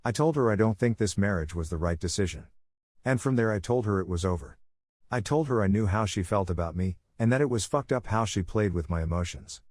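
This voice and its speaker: Male narrator, lowish pitch, steady and plain read-through of written stories, dry close recording. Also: no room sound. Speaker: story narrator. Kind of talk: scripted narration of online posts.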